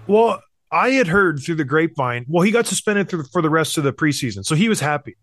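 A man's voice: fairly high pitch, big pitch swings, a little fast, a bit bright, dry recording. A man in his thirties telling a hockey story in casual chat, acting out the voices of the people he quotes. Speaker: podcast host, former hockey player.

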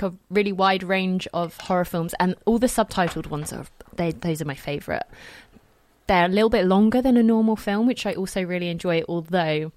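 A woman's voice: lowish voice, dry recording. A woman co-hosting a podcast, chatting casually and peppering her speech with "like.". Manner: relaxed, chatty with frequent "like" fillers. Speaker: podcast co-host. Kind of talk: casual chat.

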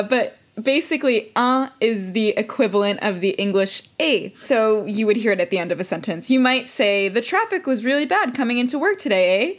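Higher-voiced, easygoing female co-host. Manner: giggly, easygoing explaining. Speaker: podcast co-host. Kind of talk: casual chat.

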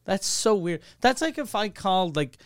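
Canadian podcast co-host, man, swears a lot, animated storyteller, dry close sound. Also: high-pitched, moderate pace, clean tone, no echo. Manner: profane, animated storytelling, acts out quoted calls. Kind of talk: casual chat, storytelling.

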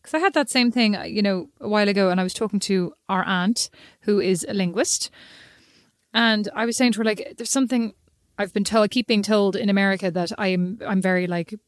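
A woman's voice: medium pitch, brisk, no room sound, studio quality. Young irish woman teasing her friend, chatty. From Ireland. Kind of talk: casual chat.

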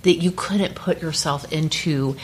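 Low-voiced, gushing woman podcast host. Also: slight background noise. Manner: enthusiastic, quick to agree, gushing. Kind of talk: casual chat.

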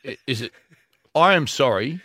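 A man's voice: medium pitch, lively intonation, normal speed, a bit bright, slight background noise. A man co-hosting a casual podcast, defensive and swearing, repeating himself for emphasis. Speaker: podcast co-host.

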